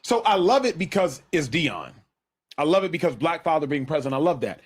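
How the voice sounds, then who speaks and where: High, lively man stirring up a debate. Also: brisk, slightly rough. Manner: playful, provocative, questioning. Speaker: sports talk panel host. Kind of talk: sports talk show debate.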